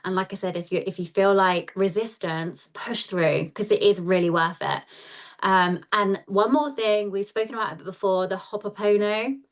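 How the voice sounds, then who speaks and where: A woman's voice: medium pitch, fairly even intonation, normal speed. A woman hosting a spiritual lesson, talking in a chatty, conversational way and often checking in with "right?". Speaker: host of a spiritual lesson series. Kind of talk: casual spoken teaching.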